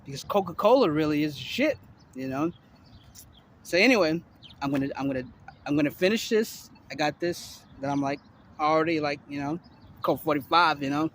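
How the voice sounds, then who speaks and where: A man's voice: a little high, moderate pace, fairly bright tone, a little hiss or hum. A man in his forties from Miami, Florida, talking to camera in a loose, rambling way, full of swearing and fillers. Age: 40s. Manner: loose, profane, heavy filler talk. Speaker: vlogger. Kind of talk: rambling casual monologue to camera. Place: outdoors on a city street.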